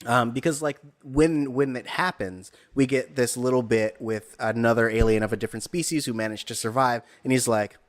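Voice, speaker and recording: A man's voice: mid-range voice, fairly even intonation, normal speed, hardly any pauses. A man from the United States co-hosting a casual podcast chat, rambling and joking, often slipping into silly voices. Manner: jokey, rambling, drops into silly put-on voices. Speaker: podcast co-host.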